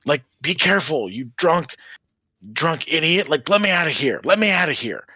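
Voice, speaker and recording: Man doing a high whiny girlish voice, bratty young woman, bright, close and dry. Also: lively intonation, normal speed, slightly rough, no room sound, full character voice. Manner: bossy then pleading. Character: bratty young woman acting like a little girl.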